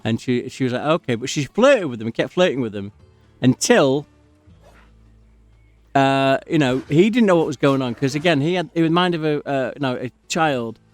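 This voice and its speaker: A man's voice: medium pitch, animated, normal speed, no room sound, faint music behind. A man rambling and drifting off topic while giving casual commentary as he plays a game. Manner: rambling, digressive, easily sidetracked. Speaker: gaming channel host.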